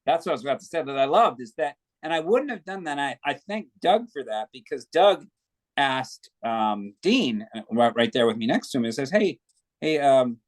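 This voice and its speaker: A man's voice: medium pitch, expressive, brisk. Chatty man telling anecdotes. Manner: chatty, tells long anecdotes. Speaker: guest actor. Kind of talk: casual interview chat.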